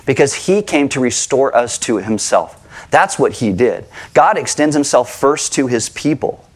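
A middle-aged man preaching a sermon to his congregation, conversational and animated, asking rhetorical questions. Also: mid-range voice, measured pace. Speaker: pastor. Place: church sanctuary with congregation.

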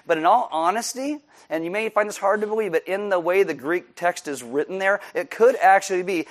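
Pastor, man, higher voice, chatty sermon delivery with quiet emphatic dips. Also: animated, brisk, few pauses.

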